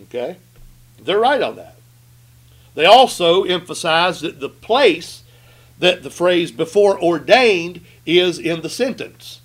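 Preaching with emphasis in a high-pitched voice full of lively intonation, a man asks his congregation rhetorical questions and eases his pace to read from scripture.

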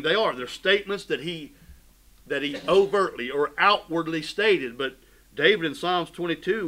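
Man, pastor, fervent sermon, slightly high pitch, bright forceful tone. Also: poor audio. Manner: fervent preaching with sudden swells and drops in volume.

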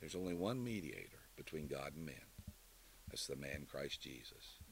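A man preaching a sermon and closing in prayer, emphatic, building to loud declarations and dropping low again. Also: expressive, moderate pace, vocal fry, slight background noise.

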